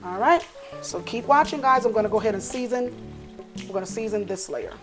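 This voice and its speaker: A woman's voice: a little high, lively intonation, a little fast. A middle-aged woman hosting a casual cooking vlog in her home kitchen, chatty and teasing, talking to viewers as y'all. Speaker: cooking show host. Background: music and family chatter.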